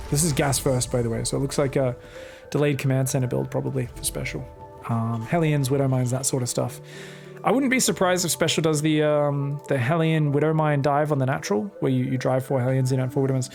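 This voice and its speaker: Australian man, esports caster, excitable, sweary, faint music behind. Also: mid-range voice, fast, vocal fry. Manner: excitable, swears freely, joking asides. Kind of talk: solo game commentary.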